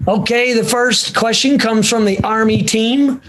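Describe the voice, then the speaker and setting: Male panelist, high voice, wisecracking game-show banter. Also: fairly even intonation, measured pace, a bit bright. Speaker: panel player on the Army team. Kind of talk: casual game-show banter over video call.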